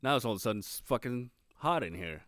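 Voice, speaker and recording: A man's voice: mid-range voice, expressive, fast talker, a bit bright, no room sound, clean studio sound. A man co-hosting a podcast in casual chat, joking and swearing, often breaking into laughter. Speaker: podcast co-host.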